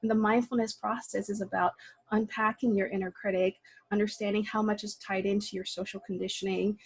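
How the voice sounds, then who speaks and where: Woman on a video call panel, kinda husky breathy voice, dry close sound, thinks out loud with lots of restarts. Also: mid-range voice, little pitch movement, fairly quick, no room sound, low-quality recording. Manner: reflective, frequent restarts and fillers. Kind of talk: casual panel discussion.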